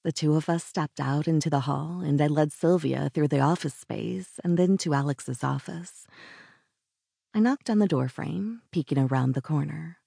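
Low, gravelly woman narrating romance. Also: moderate pace, mellow, dry recording, clean studio sound. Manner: intimate and breathy, dropping to whispers. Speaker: audiobook narrator. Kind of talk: first-person romance audiobook narration.

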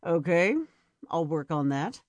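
A low, smooth-talking charmer flirts in a storybook romance, as a woman narrator puts him on. His voice sits well below her own, teasing and slow. The sound is close and dry, with no room around it. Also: no echo. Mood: flirtatious. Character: flirtatious man, deep-voiced outdoorsy charmer.

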